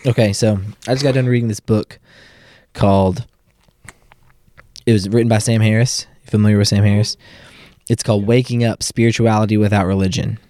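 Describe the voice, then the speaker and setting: Low-voiced easygoing podcast host. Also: male voice, fairly even intonation, brisk, long pauses, mellow, no echo. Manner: easygoing, laughs along, explains ideas carefully. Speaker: podcast host, former high school teacher. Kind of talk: casual podcast conversation.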